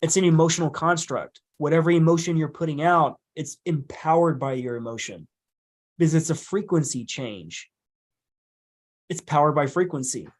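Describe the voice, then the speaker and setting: Guy on a podcast, kinda high voice, blunt and emphatic, swears a lot. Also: moderate pace. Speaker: podcast guest, hypnotist. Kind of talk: casual conversation.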